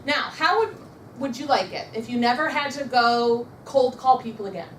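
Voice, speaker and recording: A brisk, upbeat woman running a motivational sales training and getting the room to repeat affirmations after her. Her voice sits a little high. She is recorded from a distance in a roomy, echoey space. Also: fairly bright tone, a little hiss or hum. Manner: upbeat, coaching, leads the audience in repeating affirmations. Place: meeting room with a live audience.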